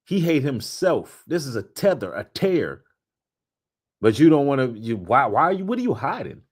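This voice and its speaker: A man commentating on video clips in a casual, mocking way, swinging between low mutters and loud outbursts. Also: big pitch swings, moderate pace, breathy edge.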